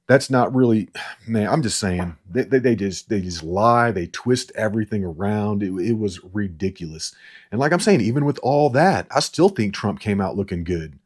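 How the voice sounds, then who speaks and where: A man's voice: lowish voice, lively intonation, normal speed, husky. A man giving casual political commentary, rambling and sarcastic, repeating words and laughing at his own jokes. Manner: sarcastic, mocking impressions. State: short on sleep.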